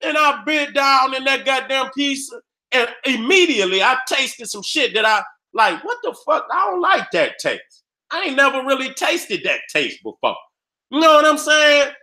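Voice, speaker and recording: A man's voice: extremely high pitch, sharp tone. A man giving a casual, profane, ranting commentary as he reacts to pictures on a screen, repeating himself for emphasis. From Detroit area. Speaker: online commentator.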